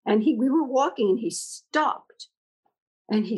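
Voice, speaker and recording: An older woman who leads a school tells stories in a reflective conversation, animatedly acting out the dialogue in her anecdotes. Her fairly high voice is husky and unhurried, and the audio quality is poor.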